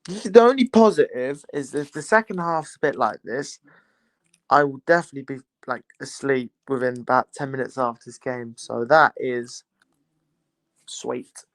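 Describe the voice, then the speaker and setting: A man's voice: mid-range voice, animated, moderate pace, a bit bright, no room sound. A young man, casually chatting and teasing his viewers while hosting a live football watchalong. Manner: chatty, teasing banter with chat. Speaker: livestream host.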